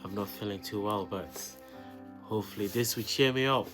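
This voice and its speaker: A woman's voice: rumbling low, normal speed. A woman vlogger doing a casual unboxing, gushing and repeating the same exclamations again and again. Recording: music playing under the voice.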